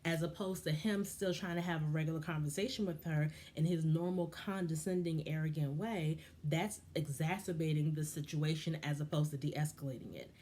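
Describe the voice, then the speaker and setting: Woman, low voice, opinionated vlog commentator, heated and frustrated, faint background hiss. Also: steady tone, normal speed, hardly any pauses, warm tone. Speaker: vlogger reviewing a reality show. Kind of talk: casual commentary.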